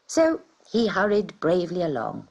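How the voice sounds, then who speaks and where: A woman reading a children's story aloud in an expressive, dramatic way. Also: on the low side, normal speed, vocal fry, low-quality recording.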